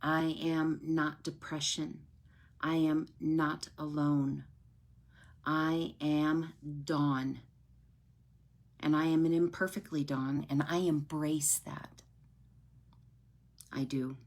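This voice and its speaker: A woman's voice: low voice, level tone, slow. A woman sharing her personal story with her followers in an earnest, heartfelt way, often checking in with "right?".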